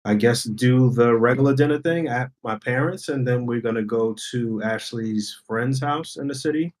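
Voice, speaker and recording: A man on a podcast talks through his plans in an easygoing, unhurried way. His voice sits in an ordinary middle range. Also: mid-range voice, darkish tone, rough recording. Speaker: podcast co-host. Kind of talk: casual chat.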